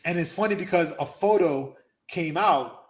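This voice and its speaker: A middle-aged man talks through a relaxed podcast conversation with a voice pitched a bit high for a man. He tells stories with lots of energy and loudly acts out what other people said. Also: moderate pace. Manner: animated storyteller, acts out quotes loudly. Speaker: podcast host. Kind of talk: casual chat. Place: Los Angeles.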